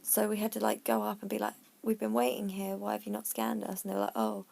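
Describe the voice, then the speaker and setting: Woman vlogging, gravelly and a bit breathless, chatty, goes almost whispery sometimes. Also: mid-range voice, level tone, fast talker, a little mellow, a little hiss or hum. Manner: chatty, frank, drops to a near whisper at times. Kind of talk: casual personal story to camera.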